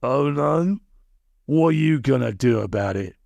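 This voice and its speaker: A man's voice: mid-range voice, lively intonation, unhurried, creaky, a little mellow, no room sound, pitched above the performer's own voice. A man voicing a boastful, nasty old villain who talks in coarse broken grammar. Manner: coarse ungrammatical bluster.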